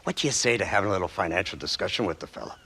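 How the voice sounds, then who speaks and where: A man's voice: low-pitched, expressive, rapid-fire, sharp tone, slight background noise, heavily acted. An actor playing a polished, condescending male government agent in a video game, speaking formally and smugly.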